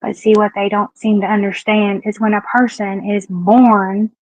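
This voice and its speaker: A woman's voice: mid-range voice, flat delivery, moderate pace, darkish tone, no echo, poor audio. Chatty Southern woman hosting a livestream. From Southeastern Kentucky. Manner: chatty, frank, greets viewers by name. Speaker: livestream talk show host. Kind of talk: casual live-stream chat.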